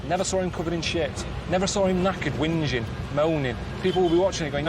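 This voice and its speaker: A man in his thirties giving casual, deadpan travel-show commentary, grumbling and complaining as he goes. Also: fairly high pitch, fast talker, few pauses, very noisy. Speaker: travelling presenter.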